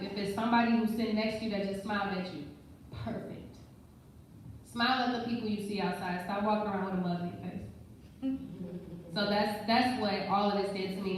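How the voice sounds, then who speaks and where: A woman giving a direct, encouraging motivational talk as a panel speaker at a live podcast event. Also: medium pitch. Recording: echoey room, distant mic, faint noise.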